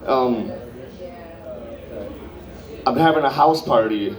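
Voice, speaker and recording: A man's voice: medium pitch, takes it slowly. A young man doing a stand-up set at an open mic, telling rambling, profane stories full of asides. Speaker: stand-up comedian. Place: comedy club open mic. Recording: roomy, distant live club recording.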